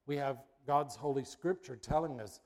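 A middle-aged male pastor giving a sermon, telling a lively personal story with suspense before drawing out his point. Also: mid-range voice, moderate pace.

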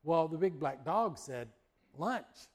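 A man's voice: medium pitch, normal speed, a little mellow. Folksy man preaching a sermon. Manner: folksy storytelling, acts out voices and barks. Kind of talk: sermon with a personal childhood story.

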